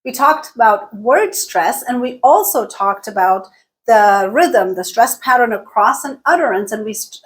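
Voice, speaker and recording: A woman teaching English pronunciation in an online lesson, explaining clearly and steadily and checking in with "right?". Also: a little high.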